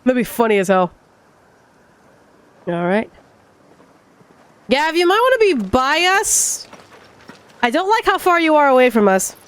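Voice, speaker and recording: A woman streamer giving casual, foul-mouthed commentary while playing a game, animated and arguing with the characters. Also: high-pitched, measured pace, long pauses. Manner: animated, profane, argues with the characters.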